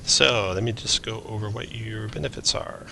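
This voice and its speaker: Gravelly man running a tabletop game. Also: on the low side, normal speed, background noise. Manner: descriptive narration with casual asides. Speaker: game master.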